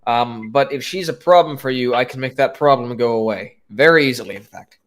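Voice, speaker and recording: A man playing a tabletop role-playing game, speaking in character with many fillers and restarts. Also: mid-range voice. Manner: halting, full of fillers and restarts. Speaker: player.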